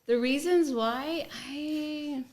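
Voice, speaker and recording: A woman's voice: sits high, drawn-out words, a little mellow. A woman talking as a podcast guest, speaking frankly and straightforwardly about her relationship. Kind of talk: casual conversation.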